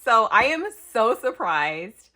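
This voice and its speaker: A young woman from the United States chats her way through opening a package from a fellow crafter. Her voice is bright and high and swings widely in pitch. She is gushing and overwhelmed, close to tears. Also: slow pace. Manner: gushing, talkative, breathless bursts of excitement. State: emotional, near tears. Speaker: craft YouTuber. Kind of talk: excited unboxing vlog.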